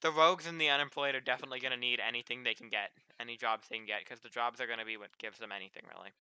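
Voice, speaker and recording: A man streaming a game, chatting casually and thinking out loud in a rambling way. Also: medium pitch, fairly even intonation, rapid-fire, clear, resonant tone. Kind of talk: casual gaming chat.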